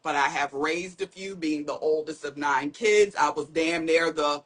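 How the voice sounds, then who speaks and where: A woman in her thirties co-hosting a casual chat, sassy and animated, breaking into loud outbursts as she tells stories. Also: low-pitched, measured pace. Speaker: podcast co-host.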